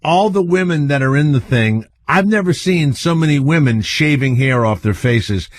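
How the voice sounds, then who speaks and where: A man's voice: fairly high pitch, animated, moderate pace, dry recording. A man hosting a radio show, chatting casually, rambling and asking questions.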